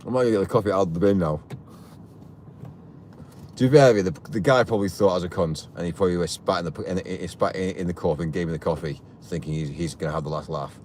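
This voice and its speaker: A man's voice: deep voice, steady tone, fast, a little mellow, a little hiss or hum. A man hosting a live stream from a vehicle, ranting heatedly and repeating himself. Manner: heated, indignant, repetitive ranting.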